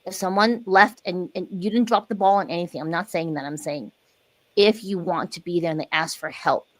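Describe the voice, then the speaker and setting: A middle-aged woman, a podcast guest, telling personal stories in casual chat and acting out her own past words with lively emphasis. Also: lowish voice, a little fast. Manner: animated storyteller, acts out her own voice in quotes. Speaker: guest, dance wellness coach.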